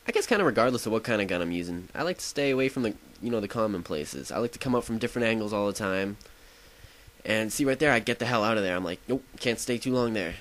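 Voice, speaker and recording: A young man talks through his gameplay in a loose, unscripted way. He rambles, trips over his words and restarts sentences, but keeps an eager, upbeat drive. His voice sits at an ordinary middle pitch. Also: a bit bright, poor audio. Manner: rambling, self-interrupting, enthusiastic. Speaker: gaming video host. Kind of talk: casual gameplay commentary.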